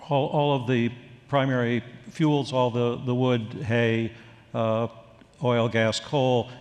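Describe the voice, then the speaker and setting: An older man speaking as a guest expert in an onstage forum conversation, telling stories in a thoughtful, halting way with many fillers. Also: mid-range voice. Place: conference hall stage. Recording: reverberant hall.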